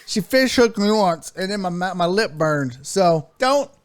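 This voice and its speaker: A man's voice: sits high, expressive, measured pace, clean tone. A man hosting a casual sports talk show, joking and rambling as he goes. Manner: joking, rambling, drifts into bits.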